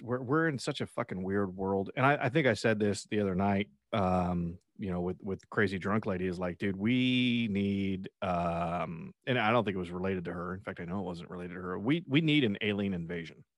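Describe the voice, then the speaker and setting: A man's voice: sits low, moderate pace, dry recording, studio quality. A man co-hosting a podcast, chatting casually with frequent swearing and restarts. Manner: profane, rambling, lots of restarts. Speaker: podcast co-host. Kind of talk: casual chat.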